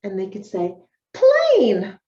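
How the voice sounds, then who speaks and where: A young woman, a speech language pathologist, giving a lecture on reading with children, animated and modeling child talk in a sing-song voice. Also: fairly high pitch, normal speed, lo-fi sound.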